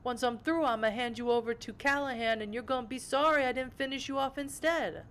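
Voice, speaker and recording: A woman's voice: high voice, brisk, fairly bright tone, voice pushed up. A woman voicing a menacing male street-tough vampire thug who swaggers, curses and threatens. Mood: threatening.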